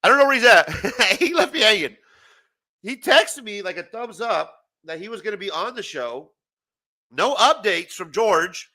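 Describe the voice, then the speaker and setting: This comics talk show host, a man in his 40s, speaks at a normal speed with a voice that sits high. His loose late-night rant is full of profanity, energy and frequent laughter.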